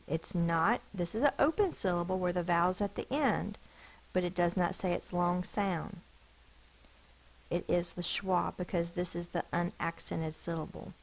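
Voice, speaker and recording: A woman teaching a phonics lesson, slowly sounding out each letter and syllable of spelling words. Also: on the low side, gravelly, poor audio. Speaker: elementary school teacher.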